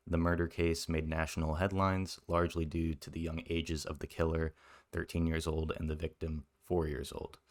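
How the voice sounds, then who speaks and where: A man hosting a commentary video, talking in an indignant, emphatic way, swearing and repeating his points. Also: rumbling low. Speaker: commentary channel host. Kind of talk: reaction commentary.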